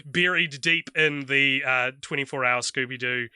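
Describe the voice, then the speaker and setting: A man's voice: mid-range voice, normal speed, bright, forceful tone, clear, resonant tone, no room sound, studio quality. A man hosting a podcast in casual chat, talkative, laughing often and trailing off with fillers. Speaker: podcast host.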